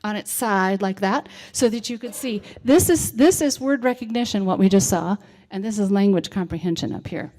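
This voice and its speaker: A middle-aged American woman gives a conversational talk on reading to a civic audience, frequently checking in with "right?". Her mid-range voice has a darkish tone and moves at a moderate pace with hardly any pauses.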